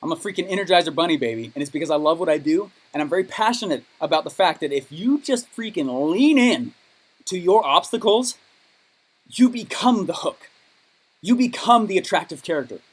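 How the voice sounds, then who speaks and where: A man's voice: lively intonation, brisk, slightly rough. Male business coach, punchy motivational delivery, keeps checking in with "okay?". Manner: high-energy, emphatic, keeps asking "okay?". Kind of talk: motivational training talk.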